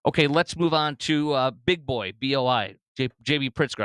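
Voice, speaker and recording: Smooth-voiced male political talk host. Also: mid-range voice, normal speed, a bit bright, no echo. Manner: rambling, heavy with fillers and restarts.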